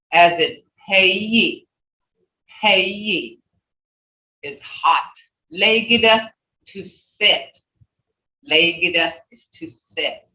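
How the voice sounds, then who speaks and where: A Mvskoke language teacher, a Creek speaker, leading an online class and patiently repeating each word slowly and reassuringly. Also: medium pitch, bright, forceful tone. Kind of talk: online language class over video call. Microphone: video call. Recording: roomy, distant, dull video-call audio.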